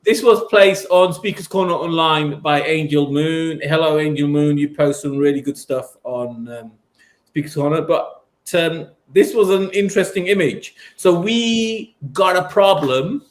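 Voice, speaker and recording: A man's voice: a little high, normal speed. A man hosting a podcast in casual chat, teasing with faux-polite, mock-innocent questions. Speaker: podcast host.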